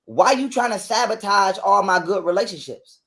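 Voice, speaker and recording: A man, ranting in a heated interview, profane and repetitive, acting out quotes loudly. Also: high-pitched, lively intonation, moderate pace. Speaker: guest telling his side of a breakup.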